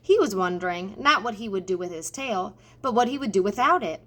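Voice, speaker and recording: A woman narrating a children's storybook aloud in an expressive way. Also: medium pitch, brisk. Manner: expressive, addressing the reader. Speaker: audiobook reader.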